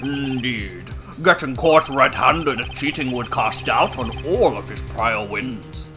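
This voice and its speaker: A formal judge presiding over court, who speaks in a deliberate, mid-pitched voice, voiced by a man. Game music plays behind him. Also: lively intonation. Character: elderly male judge.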